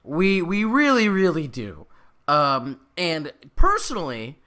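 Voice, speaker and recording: A man co-hosts a podcast in casual, opinionated banter. His voice is bright and slightly high, and it jumps around with animation. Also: huge pitch swings, slow. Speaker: podcast co-host.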